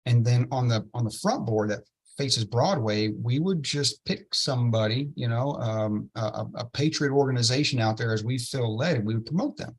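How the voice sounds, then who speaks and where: A man, an interview guest telling a story with excitement and many "right?" tag questions. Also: medium pitch, moderate pace, slightly rough. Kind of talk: enthusiastic storytelling in a podcast interview.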